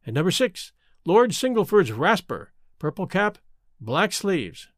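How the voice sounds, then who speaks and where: Expressive male storybook narrator, dry close sound. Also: sits high, unhurried, no room sound. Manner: expressive, voices each character. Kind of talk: storybook reading.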